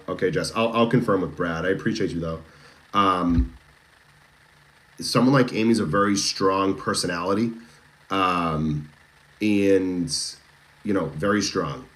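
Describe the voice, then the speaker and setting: A deep-voiced guy with a Boston accent hosts a true crime livestream, casually chatting and reading viewer comments. He keeps restarting sentences and throws questions at chat.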